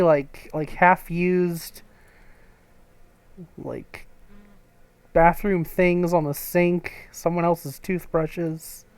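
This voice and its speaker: A man's voice: on the high side, darkish tone, dry recording. A man streaming a narrative game live, reading the text and choices aloud in a chatty, amused way. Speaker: streamer playing a story game. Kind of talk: live gameplay commentary and reading.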